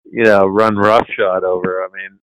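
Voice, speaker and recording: A man's voice: low-pitched, normal speed, clean tone, no room sound, poor audio. Older man telling a locker-room story. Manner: relaxed, laughs while telling anecdotes, swears casually. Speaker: guest, retired hockey player. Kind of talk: casual storytelling.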